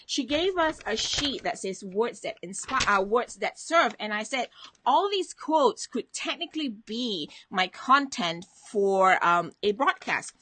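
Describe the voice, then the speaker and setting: A woman's voice: on the high side, big pitch swings, unhurried, bright, forceful tone. A woman hosting a motivational live stream from home, chatting casually, greeting viewers by name and reading out their comments.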